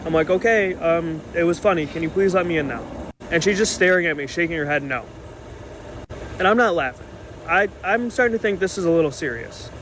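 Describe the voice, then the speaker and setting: A young man telling a personal story to the camera, indignant and animated, acting out quoted lines. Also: on the high side, a little fast, slight background noise, rough recording.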